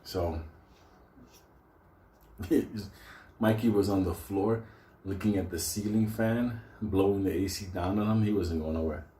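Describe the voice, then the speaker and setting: A man telling a comedic story from his own life in a profane, animated way, laughing often. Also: low voice, a little slow, pauses often. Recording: roomy echo.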